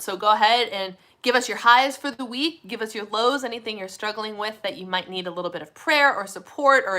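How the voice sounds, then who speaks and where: A woman from the Minneapolis area hosts a relaxed live chat with her community. Her voice is bright and clear, and she talks in a chatty, upbeat way, reading comments aloud and answering them. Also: medium pitch. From Minneapolis area, USA. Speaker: host. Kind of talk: casual live chat with viewers.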